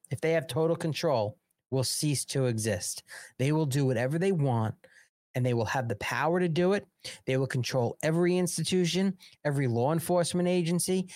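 A man's voice: on the high side, a little mellow, dry recording. Guy hosting a live political show, fired up and swearing, repeats himself a lot, dead dry sound. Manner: emphatic ranting with repetition and swearing. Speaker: host of a political talk show.

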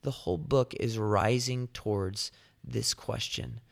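A man voicing God as patient and gently stern, pressing a sulking prophet with pointed questions. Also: mid-range voice, unhurried, gravelly.

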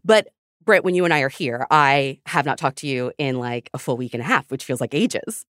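A woman's voice: a bass voice, animated, no echo. Chatty woman podcast host, dry close sound. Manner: chatty, fast-talking, laughing. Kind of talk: casual chat.

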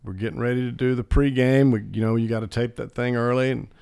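A man's voice: mid-range voice, fairly even intonation, fast, creaky, darkish tone, clean tone. A man with a Southern American accent, a radio color commentator, telling folksy stories in casual chat.

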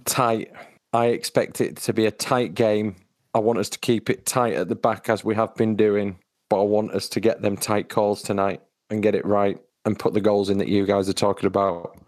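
An English man with a fairly low voice co-hosting a football podcast. He talks in a measured way with a dry sense of humor. The recording is close and dry. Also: little pitch movement, darkish tone, no room sound. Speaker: podcast co-host. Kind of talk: casual chat.

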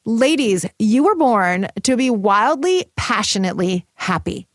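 A woman's voice: fairly high pitch, big pitch swings, unhurried, no room sound, studio quality. A woman hosting her own podcast in an upbeat, bubbly, emphatic motivational style. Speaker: podcast host. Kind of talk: upbeat solo podcast talk.

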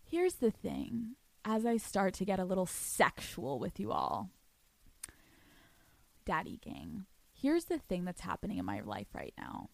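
A young woman hosting her own podcast, swearing freely and laughing as she talks. Her voice sits at an ordinary middle pitch for a woman. The sound is close and dry, with no room echo. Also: wildly swooping pitch, gravelly, a little mellow. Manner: brash, profane and rapid, with frequent laughs. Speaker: podcast host. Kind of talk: solo podcast rant and sex-advice talk.

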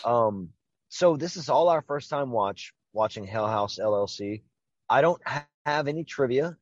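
A man hosting a podcast, bantering casually with profane jokes in quick bursts. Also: mid-range voice, expressive, no room sound, highs cut off. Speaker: podcast host.

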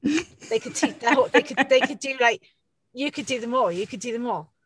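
A woman co-hosting a podcast chats casually in a fairly high, slightly bright voice at a brisk pace, with slight background noise. She's enthusiastic and encouraging, cheering the other host on while swearing freely.

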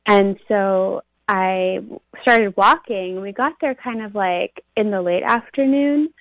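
A woman's voice: medium pitch, slow, dry recording. A woman telling a dream in casual, rambling talk, filling her speech with "like". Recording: dull lo-fi recording.

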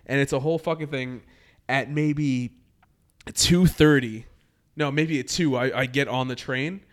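Animated, profane storyteller from New Jersey. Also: male voice, mid-range voice, unhurried. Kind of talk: casual storytelling chat.

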